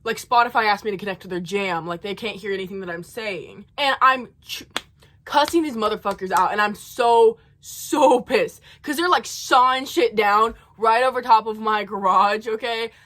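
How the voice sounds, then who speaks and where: A woman's voice: mid-range voice, normal speed, fairly bright tone. A young woman in college telling a profane, heated storytime rant in her own rambling way. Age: young adult. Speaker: college student vlogger.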